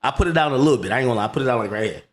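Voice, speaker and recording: A man's voice: medium pitch, animated, very fast. A man telling a story in a heated rant, swearing, repeating himself and quoting others. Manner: swears a lot, repeats himself, grows loud and shouting.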